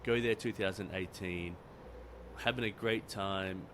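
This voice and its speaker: A man with an Australian accent, talking as a guest in a casual interview and telling rambling, animated stories. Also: low voice, measured pace. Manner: animated storyteller, rambling with fillers. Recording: noisy background.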